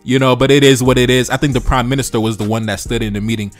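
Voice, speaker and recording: A man reading a news article aloud and reacting to it with animated, profane commentary. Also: mid-range voice, very fast, faint music behind. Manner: animated, profane, acts out quoted voices. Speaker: political commentator.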